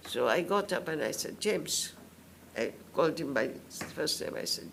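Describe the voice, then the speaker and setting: An older woman from India giving spoken testimony at a public hearing, telling her story slowly and in detail and acting out what others said. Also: deep voice, expressive, creaky, slight background noise. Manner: slow, detailed storytelling that acts out others' words.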